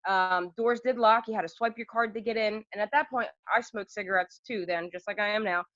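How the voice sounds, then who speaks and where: A young woman, a podcast guest, telling candid stories in a loose, animated way with lots of fillers. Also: medium pitch, brisk, no echo. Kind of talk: casual storytelling chat. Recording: dull lo-fi podcast audio.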